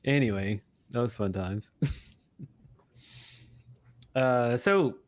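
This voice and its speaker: A man's voice: medium pitch, extremely slow, no room sound. A man co-hosting a live stream, chatting casually, laughing often and reading viewer comments aloud. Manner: animated, laughs often, reads chat aloud. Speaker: co-host of a live show.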